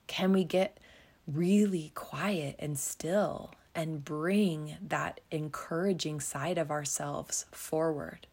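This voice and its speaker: A woman's voice: low-pitched, slow pace, a little mellow, breathy edge. A woman hosting a reflective self-help podcast, speaking in a soothing, encouraging way and sometimes dropping to a whisper. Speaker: podcast host.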